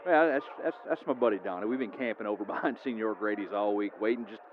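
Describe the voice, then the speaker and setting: A man's voice: fairly low pitch, fast, lightly acted. A man playing a nervous, over-eager small-town fan who stammers and giggles. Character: nervous, starstruck small-town male superfan. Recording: lo-fi phone-like audio with faint hiss.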